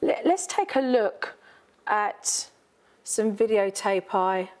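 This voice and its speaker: A woman's voice: mid-range voice, very animated, takes it slowly, a little mellow. A woman hosting as a parenting expert, talking directly and probingly with parents and children, often repeating phrases for emphasis. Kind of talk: coaching talk with parents and children.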